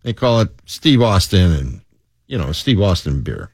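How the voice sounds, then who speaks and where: A man with a Chicago accent tells news stories in loose banter. His pitch swings widely as he laughs and slips into voices for the people he quotes. The mic is close and dry, with no room sound. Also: very animated, normal speed, vocal fry, slightly rough, no echo. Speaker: podcast co-host.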